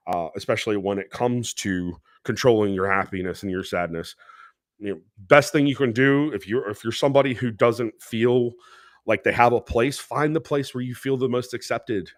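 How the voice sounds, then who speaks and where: A man's voice: on the low side, no echo, studio quality. A man co-hosting a podcast, speaking in an earnest, heartfelt way with frequent "you know" fillers. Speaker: podcast co-host. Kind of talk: casual podcast talk.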